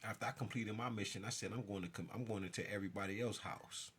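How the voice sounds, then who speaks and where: A self-styled spiritual figure rants straight to camera in an intense, profane monologue, leaping from topic to topic. His voice is on the low side, gravelly and fairly bright, and he talks quickly with few pauses. There's slight background noise.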